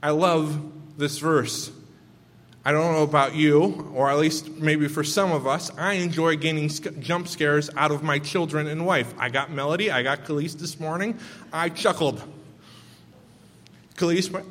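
A man with children, preaching a sermon: he reads scripture and pauses earnestly to explain it and talk straight to his listeners. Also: a little high, steady tone, fairly bright tone, big-room sound. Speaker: pastor.

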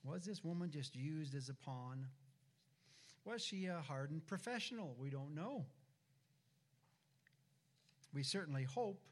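A man preaching a sermon in a deliberate, reflective manner. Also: on the high side, lively intonation.

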